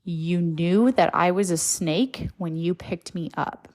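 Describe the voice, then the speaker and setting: A woman's voice: on the low side, takes it slowly, darkish tone. A woman voicing a sweet, persuasive male snake in a told story, coaxing and pleading.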